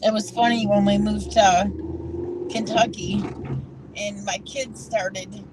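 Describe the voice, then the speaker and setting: A woman's voice: mid-range voice, steady tone, slow pace, distant mic, noisy background. A woman from Michigan chatting casually on a livestream.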